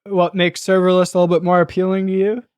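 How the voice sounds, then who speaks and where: A man with a fairly high voice hosts a casual tech podcast. He talks fast and laughs a lot, and now and then he slips into joking voices. The sound is close and dry. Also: level tone, clean tone, dry recording, muffled recording. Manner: quick, laughing often, fond of joking voices. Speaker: podcast host.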